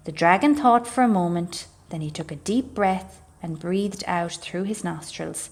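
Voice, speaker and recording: Woman reading a children's story. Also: on the low side. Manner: expressive, measured storybook pacing. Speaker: library storyteller.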